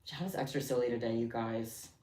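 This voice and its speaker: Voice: medium pitch, fairly even intonation, a little fast, warm tone. A livestream host chatting casually while crafting, giggly and rambling off on tangents. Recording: roomy echo.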